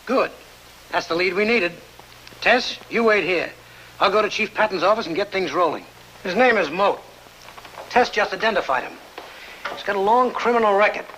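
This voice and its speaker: An actor playing a brisk police officer giving orders, in a 1940s radio drama with faint background noise. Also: male voice, sits high, expressive, pushed and bright, rough recording.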